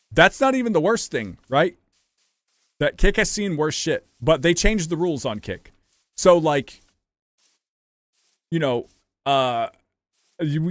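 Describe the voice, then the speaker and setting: A man's voice: fairly high pitch, no room sound, clean studio sound. A young man from the United States, a streamer rambling casually to his chat while gaming, loose and profane.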